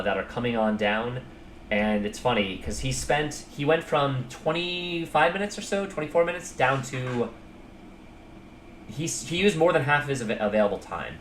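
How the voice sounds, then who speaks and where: A man's voice: medium pitch, fairly bright tone. Man, chess game recap, rambling, filler-heavy, echoey room, light background hiss. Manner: rambling, many fillers, self-mocking. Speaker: chess player reviewing his own game. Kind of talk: casual game recap commentary. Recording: roomy echo, faint background noise.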